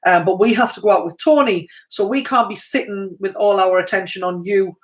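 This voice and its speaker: A woman's voice: medium pitch, fairly quick. A middle-aged woman co-hosting a live stream, chatting casually and telling stories, often breaking into laughter. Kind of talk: casual chat.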